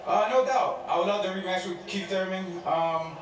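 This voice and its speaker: A man's voice: sits high, moderate pace, heavy reverb, recorded from a distance, background noise. A man speaking as a winning boxer in a post-fight interview, confident and boastful.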